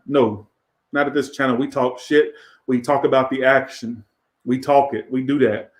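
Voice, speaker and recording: A man's voice: mid-range voice, fairly even intonation, fairly quick, reverberant. A man doing a casual tarot reading in a crude, profane, rambling way. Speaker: tarot reader.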